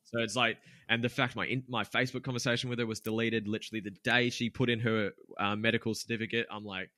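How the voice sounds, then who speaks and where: A man's voice: mid-range voice, level tone, fast talker, bright, forceful tone, dry recording, clean studio sound. A man in his twenties, a podcast guest and gym owner, telling a candid story with lots of swearing, fillers and restarts. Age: 20s. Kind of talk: casual storytelling interview.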